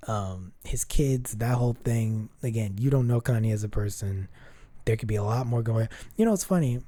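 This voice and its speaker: A man with a very deep, mellow timbre rants through a casual solo podcast. He talks in an opinionated way, stopping and restarting and swearing. His voice sounds close and dry, with almost no room around it. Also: dry recording. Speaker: podcast host.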